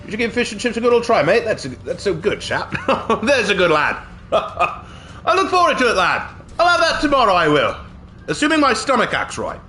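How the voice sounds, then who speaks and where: A man streams a game while hamming up a put-on British accent and chuckling at his own jokes. His voice sits high and swoops widely between phrases. The sound is bright, with faint game music behind him. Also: huge pitch swings, moderate pace. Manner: chuckles often, jokey tags. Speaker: gaming streamer. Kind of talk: casual gameplay commentary.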